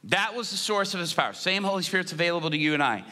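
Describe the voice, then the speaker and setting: Preacher guy, high bright voice, super lively, cracking jokes mid sermon. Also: very fast. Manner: animated, joking storytelling. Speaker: guest preacher. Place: church service.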